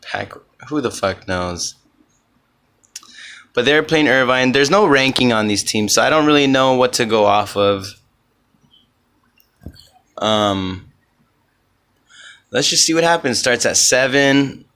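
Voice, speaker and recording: A man's voice: mid-range voice, lively intonation, slow pace, long pauses, a bit bright, smooth. A man hosting a solo comedy podcast, rambling in an offhand way and swearing often.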